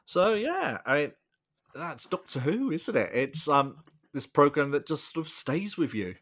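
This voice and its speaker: A man hosting a podcast, asking questions in a relaxed, friendly way. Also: fairly high pitch, measured pace. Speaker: podcast host. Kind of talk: casual chat.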